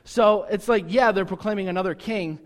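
A man preaching with a somewhat high voice that trails into a long hall reverb. He keeps it lively and playful, doubling back on his words as he goes. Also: fairly quick. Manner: lively, joking, repeats words when restarting. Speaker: pastor. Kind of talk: sermon.

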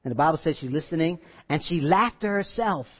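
A man's voice: on the high side, expressive, brisk. Joking chatty preacher guy, kinda muffled sound, big echoey hall. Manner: conversational, joking, acts out quotes. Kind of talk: sermon. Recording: dull sound in a reverberant hall.

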